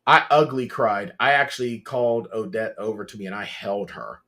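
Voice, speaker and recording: A man co-hosting a podcast in casual chat, retelling scenes with lively, animated storytelling. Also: fairly low pitch, normal speed. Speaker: podcast co-host.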